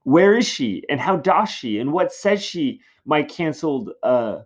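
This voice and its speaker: A desperate, lovesick young man pleads in anguished verse, voiced by a man a touch above his normal pitch. The sound is slightly dull. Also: very animated, measured pace.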